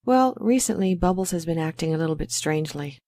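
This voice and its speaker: Fretty dog owner, chatty, lowish voice, dry studio sound. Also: female voice, expressive, brisk, dark tone, no echo. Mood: talkative worried. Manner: chatty, fretful, a little embarrassed. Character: worried woman dog owner. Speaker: pet owner in a scripted exam dialogue. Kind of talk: scripted exam role-play.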